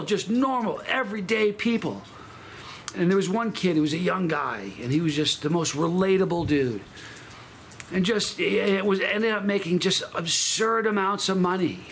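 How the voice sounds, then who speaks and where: A man's voice: high-pitched, a bit bright, a little hiss or hum. A man hosting his channel, telling a story in a casual monologue that is emphatic and rambling, with frequent restarts and self-corrections. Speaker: channel host.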